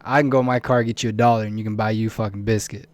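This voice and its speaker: A young man co-hosting a podcast, telling stories in animated, blunt casual chat and swearing often. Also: fairly low pitch, very fast, dry recording. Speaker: podcast co-host.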